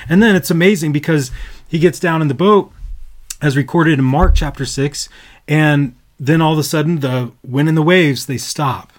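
A man's voice: fairly high pitch, normal speed. A man co-hosting a Bible podcast, explaining verses in an earnest, conversational way that builds to emphatic bursts. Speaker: podcast co-host. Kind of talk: casual Bible study talk.

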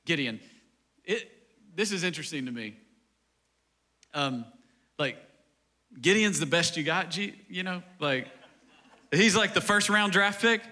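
Pastor, man, high and very bright, casual sermon full of "like"s. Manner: conversational preaching, acts out quoted dialogue, rising to a fervent climax; frequent "like" fillers.

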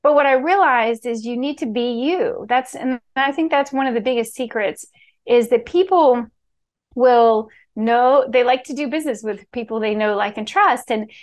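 A woman's voice: a little high, moderate pace. Bubbly middle-aged woman telling stories. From Key West, Florida. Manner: bubbly, animated, acts out quoted voices. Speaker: real estate executive, podcast guest. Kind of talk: casual storytelling interview.

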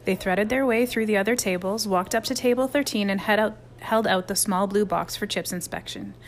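Expressive woman reading a storybook. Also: mid-range voice, brisk, slight background noise. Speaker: audiobook narrator. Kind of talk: storybook narration.

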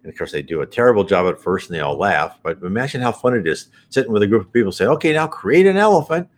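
Low-voiced man explaining spiritism earnestly. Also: racing. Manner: earnest, explanatory, animated emphasis. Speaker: spiritism presenter. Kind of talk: conversational teaching monologue.

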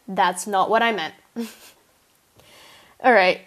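A woman's voice: medium pitch, fairly even intonation, extremely slow, fairly bright tone. A young woman hosting her own podcast, reading a chapter of her story aloud and then answering listener questions in casual, chatty, self-mocking asides.

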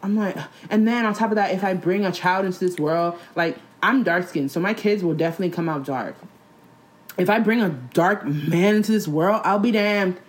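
A young woman in casual chat, blunt and animated, talking in slang with many "like"s. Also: on the low side, moderate pace.

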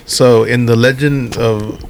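A man's voice: mid-range voice, steady tone, slow pace, vocal fry, crowd noise. A man co-hosting a podcast in casual chat, telling a story and asking questions, with some swearing. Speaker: podcast co-host.

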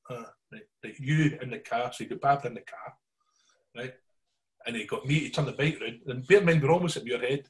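A middle-aged man with a Glaswegian Scottish accent telling stories in casual chat, animated and always checking in with his listeners. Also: medium pitch, brisk. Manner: animated yarn-spinning, keeps checking in with listeners.

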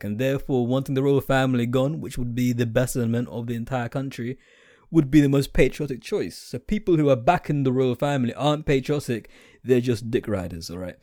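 A man's voice: mid-range voice, mellow, dry recording, clean studio sound. A young British man giving a blunt, sarcastic, rambling opinion monologue. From United Kingdom.

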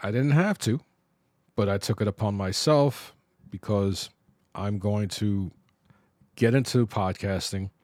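A middle-aged man from New York talking alone on his podcast, reflective and halting, pausing and restarting as he loses his thread. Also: on the low side, a little mellow, no echo, studio quality. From New York, Bronx. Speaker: podcast host. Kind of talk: personal podcast monologue.

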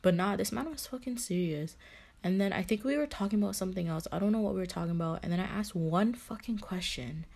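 A woman's voice: mid-range voice, quick pace, vocal fry, darkish tone. A young woman giving casual relationship advice, blunt, swearing often, and padding her talk with fillers.

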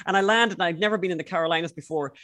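A woman hosts a podcast in an easy, conversational way. She tells stories with animated energy, often restarting her sentences. The sound is dry and close, with no room around it. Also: fairly low pitch, racing, no echo. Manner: chatty, restarts a lot, animated storytelling. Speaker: podcast host. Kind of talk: casual interview chat.

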